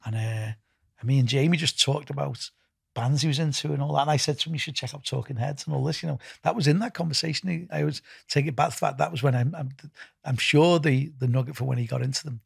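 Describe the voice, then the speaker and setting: A man's voice: mid-range voice, quick pace, vocal fry, breathy edge, no room sound, clean studio sound. A middle-aged man with a Liverpool accent answering interview questions in a rambling, casual way, repeating words and filling gaps with "you know". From England. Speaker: festival founder and music executive.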